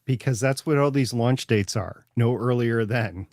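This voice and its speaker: Host role: man from Minnesota, chatty and rambling, middle pitch, dry sound. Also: measured pace, a little mellow, no echo. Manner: chatty, rambling with repeated starts. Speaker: podcast host. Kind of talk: casual chat.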